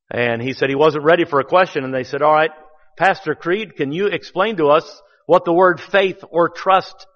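A man preaching a sermon as pastor, folksy and explanatory, building to emphatic bursts. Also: mid-range voice. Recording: dull sound with long church reverb.

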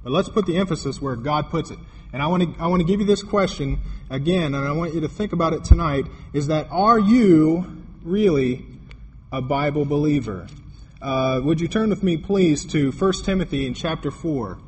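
A man's voice: a little high, brisk. A man preaching a sermon, telling a story with quoted dialogue and building to emphatic points. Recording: long hall reverb, faint noise.

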